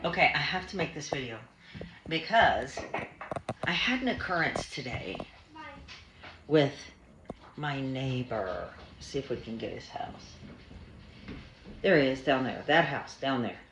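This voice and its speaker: A woman's voice: extremely low pitch, animated, a little slow, pauses often. A woman in her sixties chatting in a rambling, casual vlog at home. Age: 60s. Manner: rambling, chatty storytelling with fillers. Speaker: family vlogger. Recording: echoey room, faint noise.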